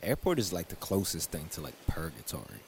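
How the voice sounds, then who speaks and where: A man chatting casually as host, relaxed and quick to laugh. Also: low voice, creaky, a little hiss or hum. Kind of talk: casual chat.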